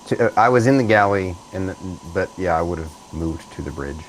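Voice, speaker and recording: A man playing a company agent in a tabletop game, talking in a smooth corporate way with hesitant fillers. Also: deep voice, expressive, brisk, slight background noise, rough recording. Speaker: player. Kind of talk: in-character tabletop role-play.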